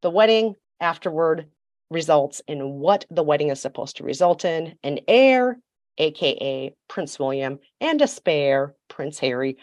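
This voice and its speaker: Sassy woman with a low voice. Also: animated, a little slow, darkish tone, dry recording. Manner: sassy, emphatic, mocking asides. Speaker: podcast guest, royal commentator. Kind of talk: storytelling chat.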